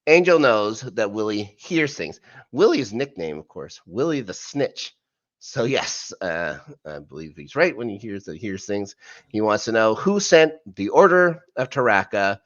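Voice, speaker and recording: Male podcast co-host, casual rambling recapper, very animated pitch. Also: measured pace, no echo, highs cut off. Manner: chatty, rambling recap full of fillers and asides. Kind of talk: casual rewatch recap chat.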